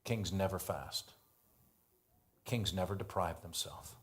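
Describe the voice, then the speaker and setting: An American man preaching a sermon as pastor, telling a Bible story with animated voices for the characters. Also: low voice, takes it slowly. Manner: animated storytelling, acts out biblical dialogue.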